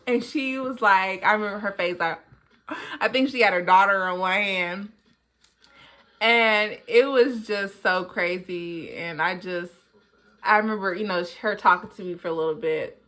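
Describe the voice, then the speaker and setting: A young woman vlogger telling a personal story casually, jumping high in pitch to act out what people said. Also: measured pace. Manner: animated, jumps high in pitch when acting out what people said.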